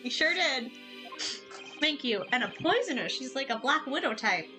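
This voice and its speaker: A woman game streamer chatting casually while she plays, excitable and giggly, swearing casually. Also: high voice, normal speed, music in the background.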